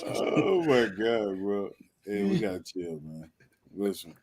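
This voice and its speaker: A man hosts a podcast, joking with friends in loose, slangy banter. His pitch swings widely as he tells stories. There is steady noise and clicking in the recording. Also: takes it slowly. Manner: laid-back, slangy, animated storytelling. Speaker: podcast host. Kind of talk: casual banter.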